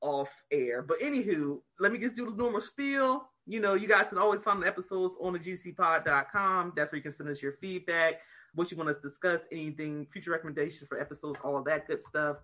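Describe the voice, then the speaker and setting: A woman co-hosting a podcast in casual, profane chat, animated and laughing often. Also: lowish voice, fairly quick. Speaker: podcast co-host.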